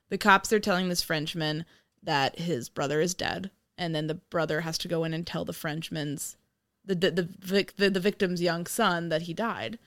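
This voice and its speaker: A woman co-hosting a podcast, chatting casually about a movie, animated and profane, often laughing. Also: on the low side. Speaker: podcast co-host. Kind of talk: casual movie review chat.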